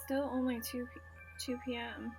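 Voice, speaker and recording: A woman's voice: on the high side, flat delivery, moderate pace, creaky, music in the background. A woman playing a story game, reading its narration aloud and reacting casually, with filler words and swearing. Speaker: let's play gamer.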